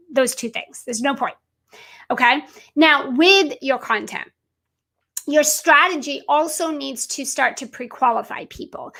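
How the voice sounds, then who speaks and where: A woman's voice: sits high, a bit bright. A woman business coach giving an emphatic live video talk, repeating her points and calling her audience "guys".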